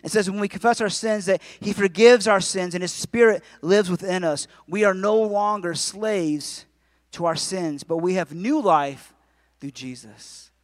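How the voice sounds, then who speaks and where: A man's voice: sits high, measured pace, dry recording. A man in his forties preaching a sermon in a conversational way, with jokes and asides to the congregation. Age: 40s. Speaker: pastor.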